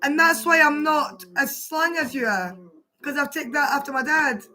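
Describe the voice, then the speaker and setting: A woman's voice: high voice, normal speed, pushed and bright. A Scottish woman chatting casually as a vlogger, laughing often and trying out slang phrases. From Scotland. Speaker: vlogger reacting to a video. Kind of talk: casual chat.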